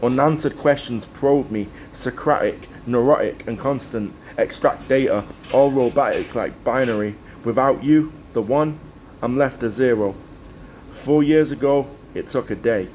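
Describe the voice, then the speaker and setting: A man performing spoken word poetry in a measured, rhythmic delivery, as a guest poet. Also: medium pitch, darkish tone, lo-fi sound, a little hiss or hum.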